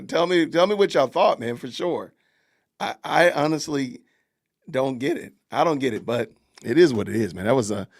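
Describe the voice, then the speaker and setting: Man with a gravelly, lively voice. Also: medium pitch, dry recording, studio quality. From Southern United States. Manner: chatty, reads out viewer comments and thanks donors, repeats phrases. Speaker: podcast host. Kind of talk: casual live-stream commentary.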